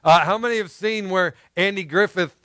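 A man's voice: high-pitched, moderate pace, bright, forceful tone, dry recording. A man from the American South preaching a sermon as pastor, talking earnestly, repeating words and calling his listeners "guys".

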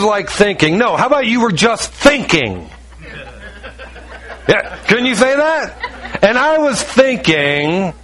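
A middle-aged man preaching a sermon, high-strung and animated, telling stories with quick asides. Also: low-quality recording. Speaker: pastor.

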